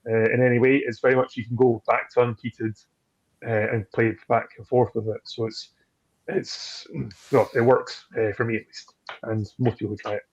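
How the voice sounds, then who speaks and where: A man chatting on a video call about his work, loose and friendly, tripping over his own restarts and laughing often. His voice sits at an ordinary middle pitch. The call audio sounds a little dull. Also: little pitch movement, normal speed. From Scotland. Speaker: distillery trade guest. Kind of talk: casual chat on a video call.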